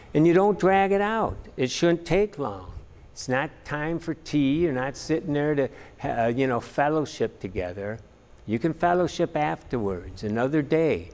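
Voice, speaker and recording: A man of middle pitch teaches a church class in an earnest, plainspoken way, often reaching for "you know." His voice carries a long reverb from a church hall. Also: a little mellow. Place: church meeting room.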